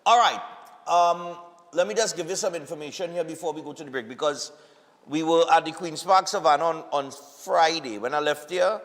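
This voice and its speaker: A Trinidadian man hosting a morning call-in show, fighting a cold and sore throat, relaxed and repeating words as he thinks. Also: on the high side, a little fast, in a large hall. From Trinidad and Tobago. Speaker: host.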